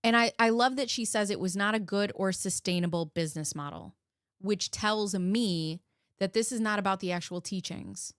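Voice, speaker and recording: A woman's voice: mid-range voice, moderate pace, clear, resonant tone, no echo, clean studio sound. A woman hosting a live reaction stream, talking bluntly and sarcastically and swearing freely. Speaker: host reacting to video clips. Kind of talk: casual live reaction commentary.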